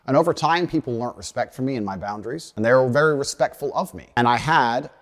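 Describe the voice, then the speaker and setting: A man in his thirties telling his own story in a measured, self-assured monologue. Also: medium pitch, big-room sound. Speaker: speaker in a played video statement. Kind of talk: prepared monologue to camera.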